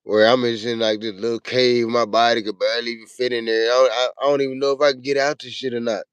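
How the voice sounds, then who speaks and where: A man hosting a show, telling a long, profane personal story in a casual, animated way. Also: mid-range voice, quick pace, smooth, no room sound. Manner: profane, animated, acts out his own panicked yelling. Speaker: show host.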